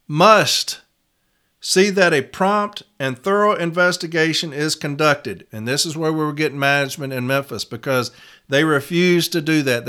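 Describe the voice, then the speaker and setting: A man's voice: on the high side, a bit bright, clear, resonant tone. A man giving an instructional talk as a union advocate, stressing single words and repeating them.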